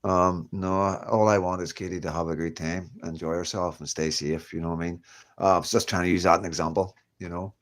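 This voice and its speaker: A man's voice: low voice, fairly even intonation, brisk. Chatty man livestreaming. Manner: chatty, reassuring, keeps saying "you know what I mean". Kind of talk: casual livestream chat. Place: at home, indoors.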